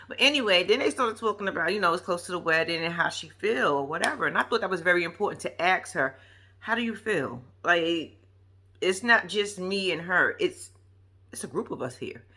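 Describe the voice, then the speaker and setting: A woman vlogger with a fairly low pitch talks a little fast, reacting to a reality show in casual, chatty commentary. Chatty and animated, she addresses her viewers directly using slang and profanity, laughing often.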